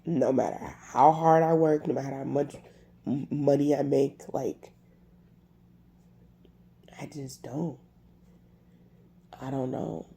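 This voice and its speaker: A woman talking to camera in a personal confessional vlog, halting with lots of fillers and restarts, upset and irritated, a bit congested. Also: a bass voice, steady tone, creaky, mellow. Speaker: vlogger.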